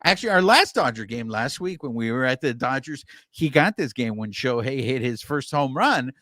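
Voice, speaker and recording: A man co-hosting a podcast, explaining things at length in casual, animated chat with filler words. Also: medium pitch, normal speed, no echo, clean studio sound. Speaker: podcast co-host.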